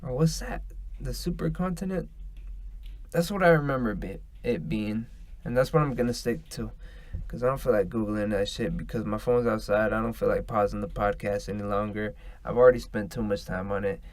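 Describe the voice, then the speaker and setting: A podcast host talks alone on a casual show, rambling and swearing while his thoughts drift from one thing to the next. His voice is fairly low and a touch dark, he speaks a little fast, and there's no room sound at all.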